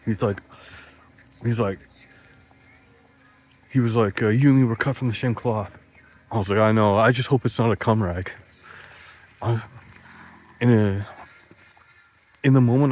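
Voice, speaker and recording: Rambling low-voiced man telling bar stories. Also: fairly even intonation, measured pace, long pauses, a little mellow, poor audio. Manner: rambling, heavy on "like" and restarts, laughs at own jokes; swearing freely, voice jumps up when quoting himself. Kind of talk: casual storytelling monologue.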